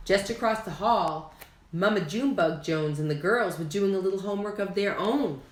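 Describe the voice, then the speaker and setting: A woman reading a children's picture book aloud, slow and expressive, with lively character voices. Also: medium pitch, background noise. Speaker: children's story reader. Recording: echoey room.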